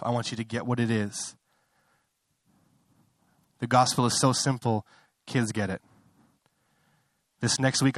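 A man's voice: fairly bright tone, dry recording. A young adult man preaching a sermon, conversational with apologetic asides, rising to impassioned fervor. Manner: conversational, building to impassioned high-pitched fervor; self-interrupting, apologetic asides. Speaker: pastor.

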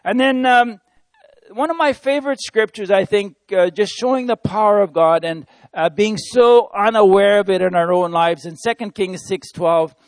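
A man's voice: sits high, normal speed, dry recording. A man who works as a missionary, preaching an informal sermon in an earnest, conversational way and speaking to listeners as friends.

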